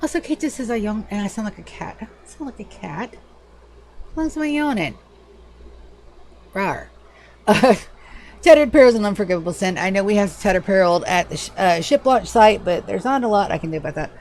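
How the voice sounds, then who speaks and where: A woman's voice: medium pitch, fast. A woman livestreamer talks loosely to her viewers at a desk microphone, swearing freely and bouncing between topics. Her voice sits in a middle register, with a faint hiss and room sound behind it. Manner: chatty, profane, animated, yawning. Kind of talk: casual gaming livestream chat.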